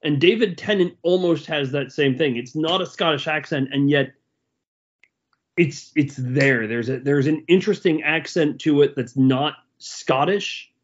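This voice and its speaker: An excitable man chatting on a fan podcast, his voice sitting a bit high for a man. He rambles and restarts his sentences as he gushes. The recording sounds slightly dull and muffled. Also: a little slow. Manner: enthusiastic, rambling with many restarts. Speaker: podcast co-host. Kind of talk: casual review chat.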